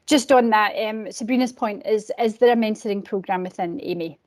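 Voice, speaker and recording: A British woman moderating an online seminar, relaying questions and giving a measured wrap-up. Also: medium pitch, a little mellow.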